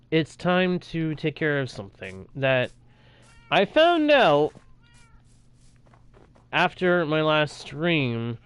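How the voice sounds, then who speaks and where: A man's voice: fairly high pitch, a bit bright, clear, resonant tone. A young man talking casually over his own gameplay as a streamer, reacting aloud to what happens on screen. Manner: chatty, reacts aloud while playing. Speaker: gaming streamer.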